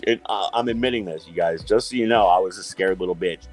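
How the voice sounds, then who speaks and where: A man's voice: deep voice, fast talker, soft background music, low-quality recording. A man from New York hosting a casual chat, telling stories animatedly, swearing and acting out quotes. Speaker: host.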